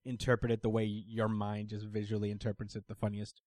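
A man's voice: fairly low pitch, completely flat delivery, fast, darkish tone, no echo. A man hosting a casual podcast, recapping an anime episode in a laid-back way, with frequent laughs and fillers. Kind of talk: casual group chat.

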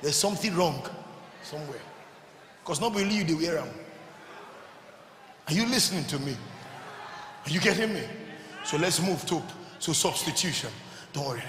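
A man preaching a sermon who keeps asking the congregation if they are listening and climbs into shouted, fervent exhortation. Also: fairly high pitch, slight background noise. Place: large church hall. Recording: echoey hall with music behind.

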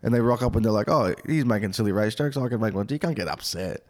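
A young adult man, a comedian guest on a podcast, telling animated stories bluntly and swearing constantly. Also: fairly low pitch, fast talker. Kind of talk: casual podcast chat, storytelling.

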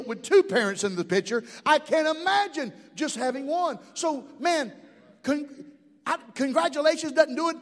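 High-voiced preacher man in a reverberant hall. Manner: impassioned preaching with call-and-response asides. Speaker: pastor. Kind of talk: sermon. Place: church sanctuary.

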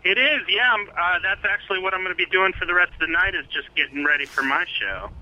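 A man calling into a radio show to plug his own show, speaking haltingly with many fillers. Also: high-pitched, expressive, pushed and bright, lo-fi sound. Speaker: phone-in guest, fellow radio host. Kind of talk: casual radio chat.

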